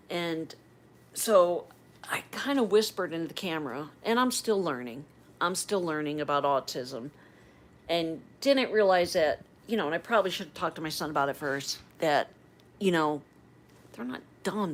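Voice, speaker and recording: A woman's voice: lowish voice, normal speed, a bit bright. A woman in her fifties chatting on a livestream, rambling and emotional as she tells family stories. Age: 50s. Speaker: livestream host. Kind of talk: casual livestream chat.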